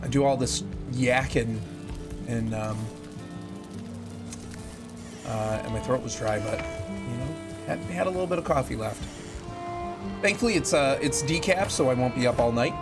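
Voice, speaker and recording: A man's voice: mid-range voice, moderate pace. A man streaming a game with a headset mic, chatting and joking with viewers as he plays. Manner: chatty, jokey, talks to chat while playing. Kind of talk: casual gameplay chat with viewers. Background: game music.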